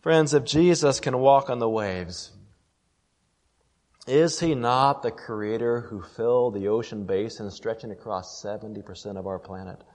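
A man's voice: on the low side, darkish tone. Emphatic male preacher in a reverberant hall. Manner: emphatic preaching with dramatic slowdowns and rhetorical questions. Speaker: pastor. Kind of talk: sermon. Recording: long reverb of a large hall.

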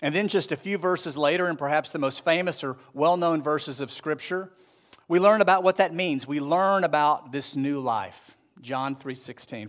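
Earnest higher-voiced male preacher. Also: fairly bright tone. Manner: earnest, measured preaching with slow emphatic phrases. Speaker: pastor. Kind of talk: sermon.

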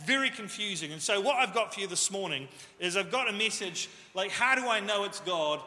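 Male pastor, casual jokey sermon delivery, high and bright, echoing church hall. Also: expressive, brisk. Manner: jokey, self-deprecating, conversational. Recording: echoey hall reverb.

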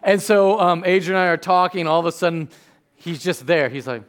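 A pastor in his thirties preaches a sermon in a high-pitched voice at a fairly quick clip. He is chatty and animated, telling stories punctuated by sudden loud outbursts.

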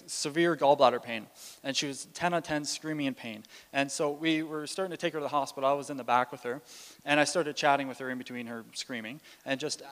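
Man preaching in a reverberant hall. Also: mid-range voice. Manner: storytelling with frequent restarts and fillers. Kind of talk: sermon.

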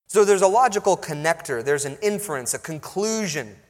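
With lively intonation, a pastor works through scripture in an expository sermon, stopping for emphasis as he reads and explains. He sounds a bit high for a man, and the recording carries the long reverb of a large hall.

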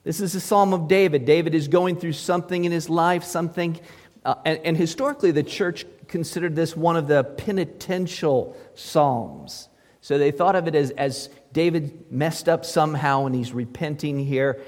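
A man's voice: fairly high pitch, normal speed, a little mellow, long reverb tail. A male pastor preaching a sermon in a conversational way, often putting rhetorical questions to his listeners.

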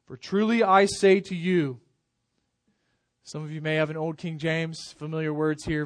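A man's voice: on the high side, steady tone, moderate pace, no echo. Man preaching with rising and falling force. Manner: emphatic preaching, swells loud then drops soft. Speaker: pastor. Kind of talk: sermon.

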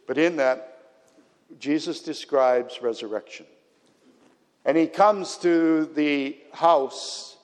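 A man preaching a sermon in a church, speaking earnestly and building to emphatic peaks. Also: medium pitch. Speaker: pastor. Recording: long hall reverb.

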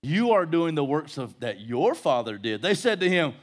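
A man's voice: a little high, very animated, moderate pace. A middle-aged male pastor teaching verse by verse in a conversational sermon, with jokes and rhetorical questions to the congregation. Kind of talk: expository Bible-study sermon.

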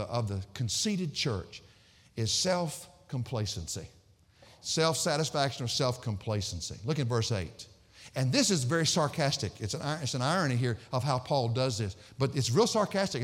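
A man preaching a sermon as pastor, swinging between loud emphatic declamation and low, conversational asides. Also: long reverb tail.

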